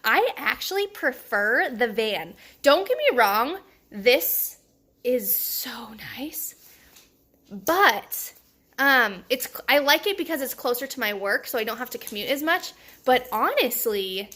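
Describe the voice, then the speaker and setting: Bright, chatty young woman vlogging. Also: sits high, moderate pace. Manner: chatty and excitable, with frequent laughs and fillers. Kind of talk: casual vlog chat.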